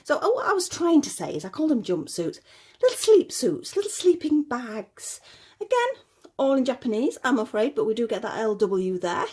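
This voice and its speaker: A doll collector unboxes little dolls at home and chats to camera, gushing over every tiny detail. Her voice is on the high side, very animated and slightly rough, at a normal speed, and she's a bit out of breath.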